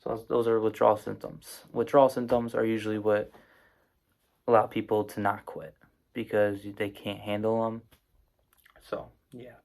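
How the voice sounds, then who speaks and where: A man's voice: fairly low pitch, level tone, normal speed, gravelly, a little mellow. A man giving an informal spoken explainer, casual and rambling, with many fillers and restarts. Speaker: presenter explaining psychoactive drugs.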